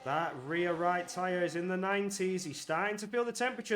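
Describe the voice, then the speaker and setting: A man giving live commentary on an online racing league, getting excitable and loud when the action heats up. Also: high voice, fairly quick. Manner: excitable, rises to shouts at action.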